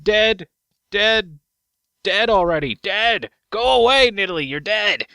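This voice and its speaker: Guy doing a high panicky huntress girl, stammering, bright voice, dry sound. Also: expressive, takes it slowly, no room sound, exaggerated voice. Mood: panicked. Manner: frantic, stammering. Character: panicking female huntress game champion.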